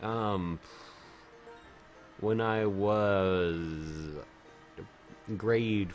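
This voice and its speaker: A man's voice: lowish voice, extremely slow, lo-fi sound, soft background music. A man streaming a video game while drunk, chatting casually, rambling and swearing a lot.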